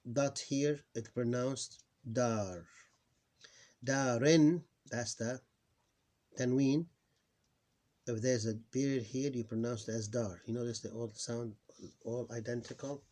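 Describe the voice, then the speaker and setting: A man at a mid pitch gives an informal reading lesson, pronouncing sounds again and again with patience. He often stops to correct himself, and he sounds tired. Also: a little mellow. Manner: patient, repeats words slowly, self-correcting. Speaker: Arabic reading teacher.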